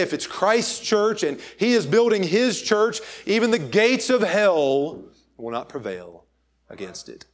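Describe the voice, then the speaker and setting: In a church, a man with a medium-pitched voice preaches emphatically, swinging between raised and hushed phrases. He slows down to stress key words.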